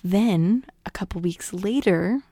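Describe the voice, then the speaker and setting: Chatty woman with a gravelly voice. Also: medium pitch, slow pace, dark tone, no room sound, clean studio sound. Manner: chatty, full of "like" and "you guys". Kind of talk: casual retelling of a novel.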